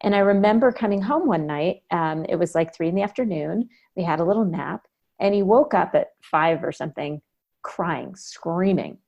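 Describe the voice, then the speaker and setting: A woman in her fifties, appearing as a podcast guest, has a low-ish, creaky, darkish voice with lively intonation and normal speed. She reflectively recounts a personal story, vividly acting out the dialogue of the people in it.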